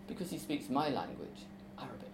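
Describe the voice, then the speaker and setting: A woman reading aloud as a teenage boy, pressing urgently in a low, hushed voice. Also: expressive, a little fast, a little hiss or hum, low-quality recording.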